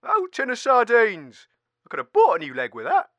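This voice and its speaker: A man's voice: very high voice, huge pitch swings, a little fast, a bit bright, no room sound, lo-fi sound, heavily acted. A man playing a gullible, one-legged local who rambles through an aggrieved complaint in a comedy radio sketch. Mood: indignant.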